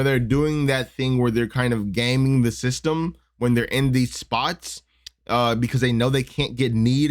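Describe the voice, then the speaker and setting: Rambling, foul-mouthed man breaking down fights. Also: medium pitch. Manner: rambling, profane, many fillers and restarts. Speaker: podcast host. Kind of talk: casual fight breakdown commentary.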